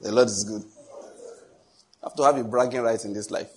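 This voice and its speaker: A man's voice: on the low side, normal speed, slight background noise. A middle-aged male pastor preaching a sermon, telling stories with a jovial, teasing manner and frequent chuckles. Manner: teasing, animated asides.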